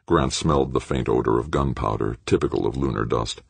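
A man's voice: rumbling low, brisk, creaky, husky, dry recording. A man reading a novel aloud as an audiobook narrator. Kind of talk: scripted narration.

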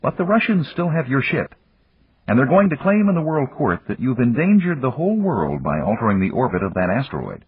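Man doing a firm, husky-voiced woman president. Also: mid-range voice, very animated, fairly quick, voice pushed up, full character voice. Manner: firm, insistent, lecturing. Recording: dull lo-fi audiobook recording.

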